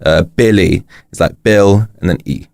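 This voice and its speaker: Deep-voiced British man, rambling casually. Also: moderate pace, gravelly, darkish tone. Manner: rambling, filler-heavy explanations. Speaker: podcast guest, rapper and author. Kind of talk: casual podcast chat.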